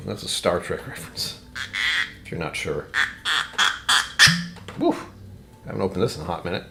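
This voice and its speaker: A man's voice: low voice, lively intonation, moderate pace, gravelly, heavy background noise. A man hosting a casual whiskey-tasting live stream, rambling and joking as he reads chat aloud.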